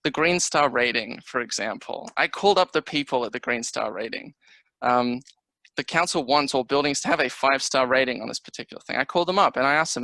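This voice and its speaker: Guy running for council, gravelly and kinda sharp, fired up, dry close sound on a video call. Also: mid-range voice, no room sound, low-quality recording. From Australia. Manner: impassioned, fast, rhetorical questions. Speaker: council candidate. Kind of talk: campaign speech on a video call.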